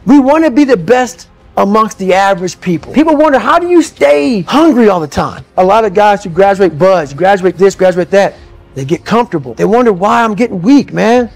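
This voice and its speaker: A man delivers a blunt, intense motivational talk in a fairly high voice. He swings from low, brooding stretches to loud, fired-up bursts. Faint music plays underneath the clips. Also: expressive, fairly quick, vocal fry. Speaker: motivational speaker. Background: motivational background music.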